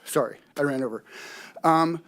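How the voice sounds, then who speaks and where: A man's voice: a little high, moderate pace, fairly bright tone. A man testifying as a policy advocate at a legislative hearing, polite, with many fillers. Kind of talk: public testimony.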